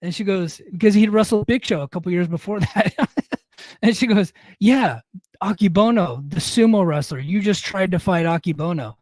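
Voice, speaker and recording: Middle-aged male podcast co-host, higher-pitched voice, dry close sound, profane and self-mocking storyteller. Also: moderate pace, a little mellow, no room sound. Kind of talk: casual storytelling.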